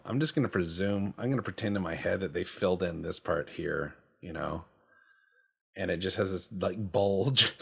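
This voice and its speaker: A man with a very low, husky voice gives casual gameplay commentary. He rambles and cracks jokes, and he swears freely as he works. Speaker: gaming channel host.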